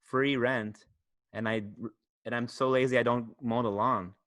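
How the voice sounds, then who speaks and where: A man's voice: medium pitch, fairly even intonation, a little slow, a bit bright, no room sound, studio quality. A man, a comedian guest on a podcast, telling a story in loose, rambling casual chat. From Houston, Texas. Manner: rambling, self-interrupting, loose.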